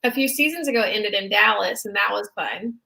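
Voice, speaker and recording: Bright, excitable woman co-host. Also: mid-range voice, a little fast, vocal fry, low-quality recording. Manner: excitable, animated, chatty. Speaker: podcast co-host. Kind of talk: casual recap chat.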